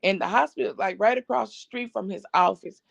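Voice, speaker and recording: Gravelly and brisk in a mid-range voice, this middle-aged family-channel host chats to her audience, relaying a long tale of who said what with "I said, he said." Her streaming audio is dull, lo-fi and dry, without any room sound.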